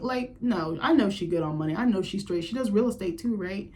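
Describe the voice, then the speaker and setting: A woman hosting a casual reality TV recap, gossiping bluntly and swearing freely, with frequent laughs and quick jumps up in pitch when she is amused. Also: expressive, dark tone. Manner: blunt, profane, gossipy commentary with quoted reactions. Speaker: recap host.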